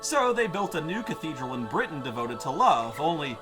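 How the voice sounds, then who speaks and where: High-voiced ranting male game reviewer. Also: big pitch swings, moderate pace, over music. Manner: ranting, sarcastic, profane. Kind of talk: comedic game review narration.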